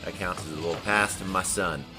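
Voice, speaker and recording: A young dad playing a car game with his son on stream talks a little fast in a low-pitched, fairly even voice. His casual commentary encourages and coaches the boy, with the game's music and car noises underneath.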